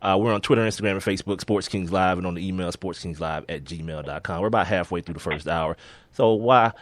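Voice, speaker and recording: Guy on a sports podcast, lowish voice, dry mic, chill and laughing a lot. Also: fast talker, no room sound. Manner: laid-back, laughs often, reads listings with slips. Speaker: podcast co-host. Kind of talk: casual sports podcast chat.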